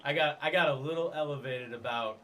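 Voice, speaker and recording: A man's voice: medium pitch, fairly quick, pushed and bright, a little hiss or hum. A man hosting a casual podcast in a studio, talking in a loose, profane, joking way. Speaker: host.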